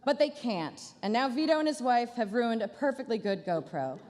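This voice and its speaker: A woman's voice: on the high side, expressive, normal speed, darkish tone, long reverb tail, a little hiss or hum. A woman comedian doing a stand-up roast at a banquet dinner, with a dry, sarcastic delivery and playful asides. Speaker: comedian headlining a gala dinner. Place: large banquet hall.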